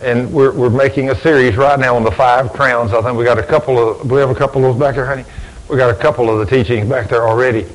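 A man's voice: medium pitch, steady tone, fast talker, low-quality recording. Man, sermon storytelling, folksy, acts out dialogue, radio sound. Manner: folksy, acts out both sides of conversations. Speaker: preacher and deacon.

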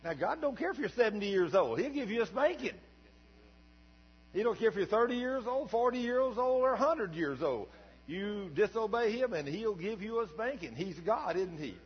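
An older man preaching as a pastor, telling a story in a folksy, animated way that swings from quiet asides to shouts. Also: high voice, moderate pace, slightly rough. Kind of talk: sermon storytelling. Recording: dull recording with long hall reverb and mains hum.

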